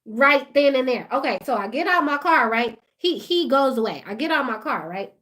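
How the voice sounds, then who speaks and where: High-voiced woman telling a lively story. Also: normal speed. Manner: animated, laughing, talks straight to viewers. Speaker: vlogger. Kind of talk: casual storytime rant.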